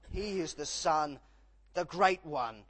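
A male preacher delivering a sermon with a fairly high voice that swings widely up and down. He presses his points with emphatic repetition and drops to a hush for weight. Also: animated, takes it slowly, a little hiss or hum, rough recording. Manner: emphatic, rising and falling for effect.

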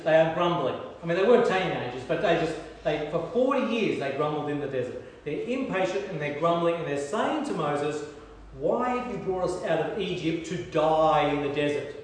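A man preaching a sermon, telling stories with lively humor and dropping to soft, hushed emphasis. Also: a little high. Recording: echoey hall, distant mic.

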